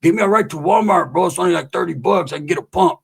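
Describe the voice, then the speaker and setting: A man's voice: high-pitched, fast talker, gravelly, slightly rough, exaggerated voice. A man voicing a grown-up neighborhood homeboy who scrounges favors, talking in slangy, wheedling street speech.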